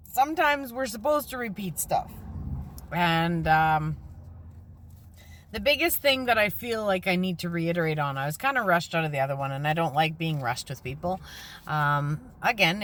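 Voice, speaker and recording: A woman giving a rambling, earnest spiritual talk while parked in her car beside a busy highway. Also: a bit bright. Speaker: spiritual vlogger. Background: traffic noise.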